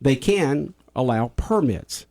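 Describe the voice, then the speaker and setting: A man's voice: medium pitch, lively intonation, takes it slowly, a little mellow, faint music behind. A man co-hosting a radio talk show, mostly agreeing and giving noncommittal replies.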